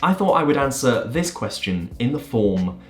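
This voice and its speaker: A man's voice: medium pitch, very animated, normal speed, faint music behind. A man, a magician hosting a video, answering viewer questions in an enthusiastic, emphatic way. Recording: roomy echo.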